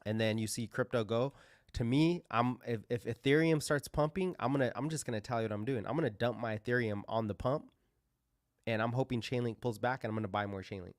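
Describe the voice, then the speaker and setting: A man's voice: medium pitch, fairly quick, no room sound, clean studio sound. A man hosting a crypto livestream, talking casually and rambling through live chart commentary with lots of fillers and restarts.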